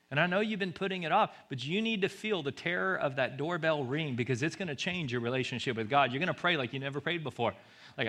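Bright-voiced preaching man, loud then hushed. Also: on the high side. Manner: swings from loud exhortation to hushed near-whisper; repeats short urgent phrases. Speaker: pastor. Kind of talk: sermon.

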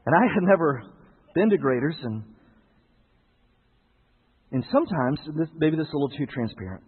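A man's voice: a little high, big pitch swings, moderate pace, breathy edge, in a large hall, narrow, tinny audio. A male pastor preaching a sermon, telling stories with jokes for the congregation.

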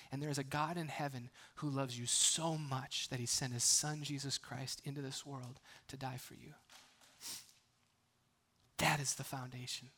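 A male pastor delivers a sermon conversationally, often restarting and tossing in playful asides, with his medium-pitched, slightly breathy voice swinging from hushed near-whispers to loud, emphatic bursts. He mixes playful humor in between his earnest points.

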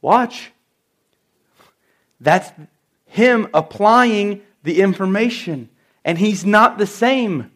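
A middle-aged man preaching a sermon in church, telling stories and stressing key phrases with slow, emphatic repeats. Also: high voice, lively intonation, fairly bright tone. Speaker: pastor.

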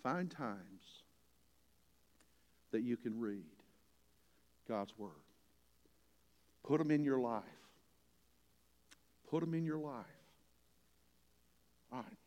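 A man's voice: mid-range voice, lively intonation, extremely slow, long pauses, a little mellow, muffled recording. An older man preaching a sermon as a pastor, folksy and earnest, building to emphatic points. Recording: long hall reverb.

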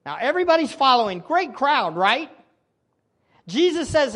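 A man preaching a sermon, animated, swinging between loud exclamation and hushed intensity, addressing his listeners as beloved. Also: high voice, unhurried.

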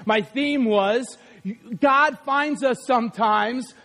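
A male pastor preaching a sermon in a church, emphatic and often shouting, speaking straight to the congregation. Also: very high voice, slow, big-room sound.

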